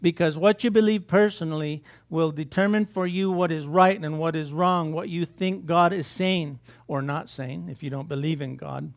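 A pastor giving a sermon in a conversational, off-the-cuff way, full of asides and repeated words. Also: male voice, fairly high pitch, fairly even intonation, moderate pace, gravelly, few pauses. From United States.

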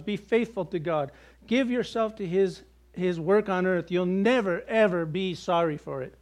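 A man's voice: high voice, normal speed. A man preaching a sermon in a conversational way, with jokes and acted-out quotes. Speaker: pastor.

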